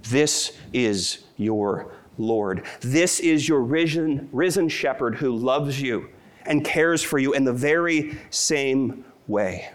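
A man's voice: medium pitch, slow pace. A middle-aged man preaching a sermon as pastor, earnest and tender, rising to emotional peaks.

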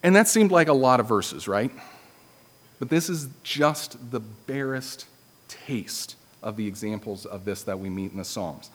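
A man preaches a sermon in a conversational, teaching tone. He slips in dry, self-deprecating jokes. His voice sits at a middle pitch and carries a long reverb from the hall around him. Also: animated, a little slow, fairly bright tone.

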